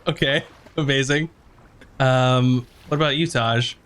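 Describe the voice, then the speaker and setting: A man's voice: medium pitch, fairly even intonation, measured pace, fairly bright tone. A man narrating as game master of a tabletop game, rambling with many fillers.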